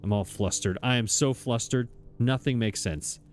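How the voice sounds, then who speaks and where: Speaking at normal speed in a mid-range voice, a let's play gamer narrates his own play, getting frustrated and exasperated and talking to himself.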